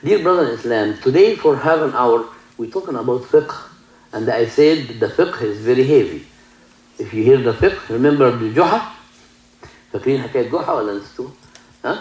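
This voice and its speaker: Egyptian-accented sheikh preaching in broken English. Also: male voice, mid-range voice, expressive, fast talker, darkish tone, roomy sound, rough recording. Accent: Egyptian Arabic. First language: Arabic. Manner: broken English, many restarts, mixes in Arabic. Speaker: sheikh giving a talk. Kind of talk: sermon with storytelling.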